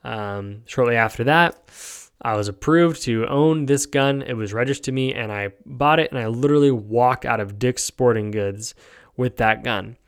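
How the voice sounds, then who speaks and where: A man from the United States hosts a podcast, his mid-range voice clear and resonant at a normal speed. He rambles through his opinions casually, using many fillers and a recurring "right?".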